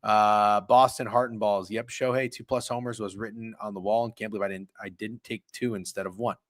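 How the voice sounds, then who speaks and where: A man hosting a live sports betting stream, ranting with heavy swearing and swinging from muttered asides to loud outbursts. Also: fairly low pitch, level tone, brisk, no echo. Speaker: sports betting show host.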